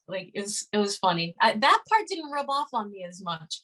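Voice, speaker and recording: A woman's voice: mid-range voice, big pitch swings, normal speed, bright, forceful tone, rough recording. A woman in her thirties speaking as a podcast guest, telling a story casually and earnestly, with many fillers and restarts. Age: 30s.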